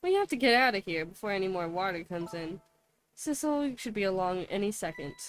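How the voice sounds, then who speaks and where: A woman reading a calm young detective woman. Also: mid-range voice, brisk, natural voice. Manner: steady, reassuring, matter-of-fact. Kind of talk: video game dialogue read aloud.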